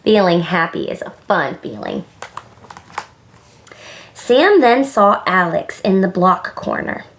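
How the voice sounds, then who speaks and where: Preschool director, woman, story time reader; slow, gravelly, gentle, asks questions. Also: lowish voice, sing-song. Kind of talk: children's story time reading.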